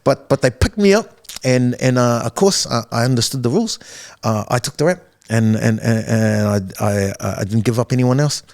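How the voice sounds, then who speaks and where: A middle-aged New Zealander with a medium-pitched, darkish voice at normal speed tells his life story as a podcast guest. He's casual, full of repeated words and restarts, and peppers his speech with "bro" and "man."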